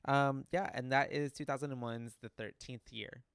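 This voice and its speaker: A man with a mid-pitched, clear and smooth voice co-hosting a podcast. He rambles through recaps with plenty of fillers and backs his partner with steady "mm-hmm"s. The sound is dry and close. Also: normal speed, no room sound. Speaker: podcast co-host. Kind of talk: casual chat.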